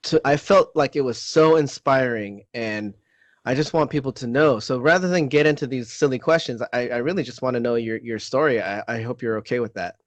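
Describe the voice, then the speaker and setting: A man's voice: mid-range voice, no echo. Man hosting, dry close sound. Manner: friendly, halting with restarts. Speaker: interview host. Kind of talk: casual interview hosting.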